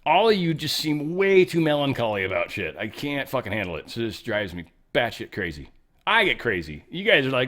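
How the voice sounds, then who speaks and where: Very animated and fairly quick, this host of his own show rants about the news casually, rambling and cursing as he goes. His voice sits at medium pitch with a fairly bright tone.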